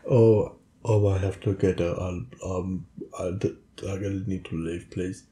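A man playing a tabletop game, talking in a halting, stammering way. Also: deep voice, steady tone, mellow. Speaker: player. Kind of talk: casual tabletop play. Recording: echoey room with faint noise.

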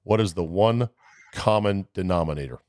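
Low-pitched guy hosting a golf radio show, dry studio sound, laid back storyteller. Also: normal speed, darkish tone, dry recording. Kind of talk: casual golf chat.

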